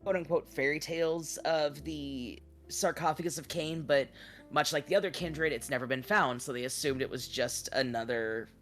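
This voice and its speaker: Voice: mid-range voice, moderate pace, fairly bright tone, soft background music. Blunt, profane tabletop role-player. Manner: blunt, profane, hesitant with fillers. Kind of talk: in-character tabletop role-play.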